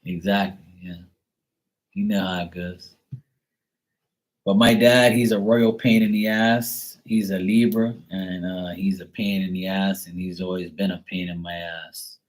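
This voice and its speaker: A man's voice: deep voice, fairly even intonation, unhurried, poor audio. A middle-aged man talking casually on a live stream, blunt and profane, rambling through a story with lots of fillers. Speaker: tarot reader.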